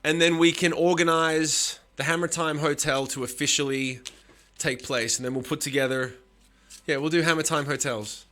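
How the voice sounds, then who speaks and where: A man's voice: fairly high pitch, fairly even intonation, moderate pace, pushed and bright. A man hosting a live stream, chatting casually with his viewers, swearing often and teasing them with bursts of laughter.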